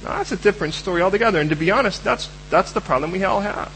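A man preaching a sermon in a lively, animated way, acting out the voices of Bible figures. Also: sits high, very fast, a little hiss or hum, poor audio.

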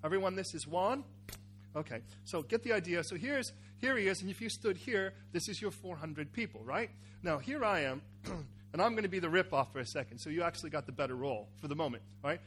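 A man preaching a sermon, acting out a Bible scene with cries, shouts and asides to the congregation. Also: on the high side, brisk, a little hiss or hum. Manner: animated, acts out characters with cries and shouts. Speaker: pastor.

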